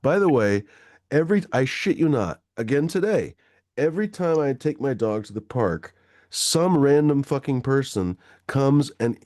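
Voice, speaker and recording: A man's voice: medium pitch, moderate pace, no echo, studio quality. A man telling a long personal anecdote in casual chat, swearing freely and full of fillers. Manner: profane, animated anecdote-telling with many fillers.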